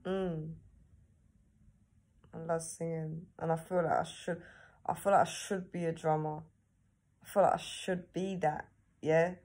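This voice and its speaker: A woman's voice: deep voice, flat delivery, measured pace, long pauses, a little mellow. A woman talking casually to herself on camera, chatty and laughing often, tagging her sentences with questions. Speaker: vlogger. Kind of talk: casual self-talk to camera.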